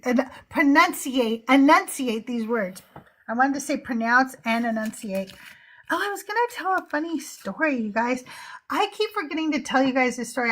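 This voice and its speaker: A woman's voice: fairly high pitch, a bit bright. A middle-aged woman hosting a livestream, chatting casually with viewers, laughing often and trailing off into fillers. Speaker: livestream host.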